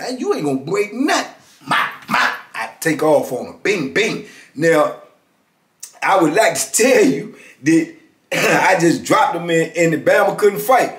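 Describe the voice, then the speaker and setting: A middle-aged man telling a prison story in a casual, animated way, acting out the quotes and often asking "you know what I'm saying". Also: on the high side, roomy sound.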